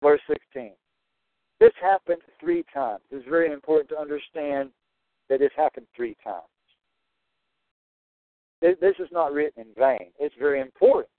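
A man's voice: a little high, moderate pace, long pauses, no echo. A man teaching through a Bible passage verse by verse, stressing and repeating his key points. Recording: tinny phone-like dry sound.

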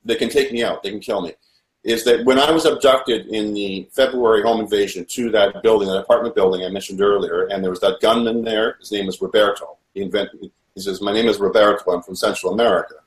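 Low-voiced man recounting an ordeal. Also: fairly even intonation. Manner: earnest, halting, with many restarts. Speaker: guest telling his story. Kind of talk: first-person testimony. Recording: roomy echo.

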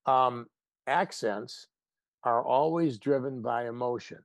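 A man guest on an interview show, chatting casually and telling stories with lively quoted voices. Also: mid-range voice, takes it slowly, no echo. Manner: animated storyteller, playful voices for quotes. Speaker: actor guest.

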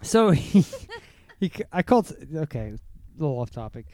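A man's voice: on the high side, sing-song, normal speed, warm tone, dry recording. A man co-hosting a podcast in casual chat, joking, rambling and swearing freely. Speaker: podcast co-host.

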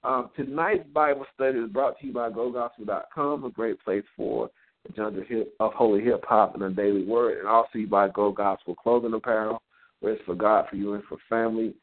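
A man's voice: on the low side, steady tone, brisk. A man hosting a live Bible study, teaching in a preacherly way and punctuating his points with "amen.". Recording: tinny phone-line audio.

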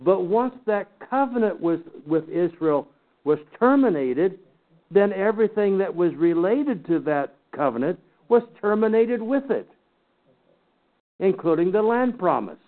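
Bible teacher, man, higher-pitched, folksy teasing lecture, tinny phone-like sound. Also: animated, measured pace. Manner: folksy, teasing asides to the class. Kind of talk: lecture to a class.

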